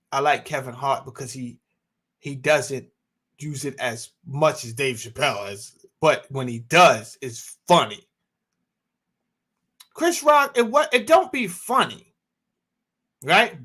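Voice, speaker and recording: A man in his thirties talks at an unhurried pace in a bright, slightly high voice that swings widely in pitch. He hosts a casual chat, spinning loose stories and tossing questions back to his listeners. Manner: loose storytelling with audience banter. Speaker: host.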